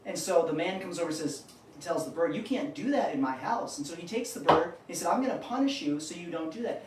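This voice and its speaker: A man hosting a live cooking stream, telling a long joke and chatting in an animated, upbeat way. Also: high-pitched, slight background noise. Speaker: cooking show host. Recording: roomy kitchen sound from a distance.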